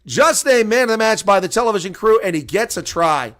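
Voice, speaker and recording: A man giving live rugby play-by-play, shouting on big plays and chatting casually with viewers in between. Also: sits high, lively intonation, a little fast, few pauses. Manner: reads viewer chat aloud. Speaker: play-by-play commentator. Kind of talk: live sports commentary.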